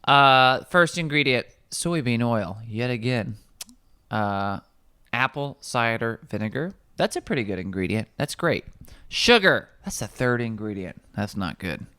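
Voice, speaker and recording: A young man, a nutrition coach, chatting casually in an office kitchen, reading out ingredient lists in a wry, animated way. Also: medium pitch, a little slow, clean tone, dry recording.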